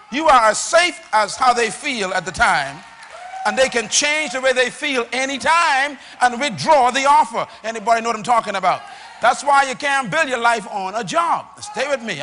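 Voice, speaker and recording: High, bright-voiced preacher in echoing hall. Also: male voice, expressive, normal speed, slight background noise. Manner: rousing call-and-response preaching, bursts of shouting. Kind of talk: sermon to a live congregation. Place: church or auditorium. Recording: long reverb of a large hall.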